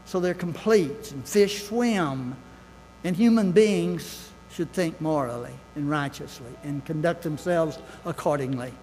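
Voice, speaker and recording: A man's voice: on the high side, a little slow, darkish tone, long reverb tail, faint music behind, poor audio. An older man preaching a sermon in a church, folksy and earnest, with asides and scripture quotes. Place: church sanctuary.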